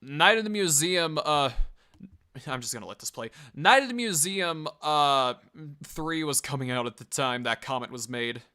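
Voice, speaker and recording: A man's voice: fairly high pitch, animated, moderate pace, sharp tone, clear, resonant tone. A man casually reviewing and reading out online comments, rambling, swearing and laughing as he goes. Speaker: video reviewer.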